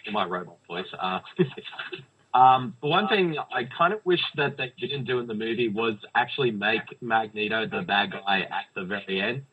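A man co-hosting a casual movie review podcast, chatty and quick to laugh. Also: lowish voice, pushed and bright, husky, muffled recording. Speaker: podcast co-host.

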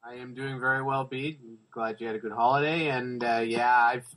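A man's voice: mid-range voice, fairly even intonation, fairly quick, fairly bright tone, rough recording. A man from Canada, a returning guest, chatting casually and joking with the hosts. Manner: easygoing, joking, trailing off. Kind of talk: casual chat.

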